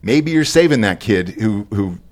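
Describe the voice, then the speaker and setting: A man from Texas chatting casually on a podcast, relaxed and rambling, swearing freely. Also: lowish voice, moderate pace. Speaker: podcast host.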